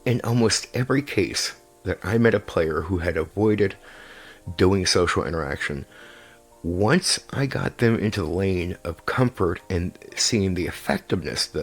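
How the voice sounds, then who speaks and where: A man with a very low, gravelly voice talks through tabletop role-play advice. He is emphatic and repeats his points, swearing now and then. His voice is husky, with faint music underneath. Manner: emphatic and repetitive, swears casually. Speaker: game master giving player advice. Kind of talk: casual advice talk.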